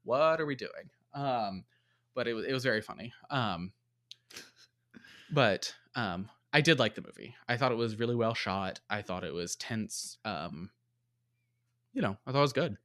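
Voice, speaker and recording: A male podcast co-host casually reviews a movie, rambling along with plenty of fillers and likes. His medium-pitched voice is animated and fairly bright, moving at a normal speed.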